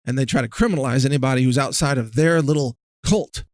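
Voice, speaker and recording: A man's voice: medium pitch, fast talker, no room sound. A man hosting a podcast, delivering a sarcastic, mocking political rant. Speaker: podcast host. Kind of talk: ranting political monologue.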